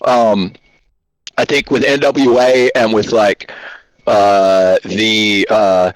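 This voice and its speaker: A man's voice: fairly low pitch, steady tone, slow, dry recording, poor audio. Aussie guy rambling through a story on a call, jokey, dry close sound. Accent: Australian. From Australia. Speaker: guest. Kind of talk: casual interview chat. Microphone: video call.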